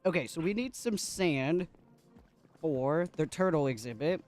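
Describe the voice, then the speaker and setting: A man's voice: fairly high pitch, expressive, measured pace, darkish tone, soft background music. A man chatting playfully to his viewers while livestreaming a game, giggling often and talking to chat. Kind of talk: casual gaming livestream chat.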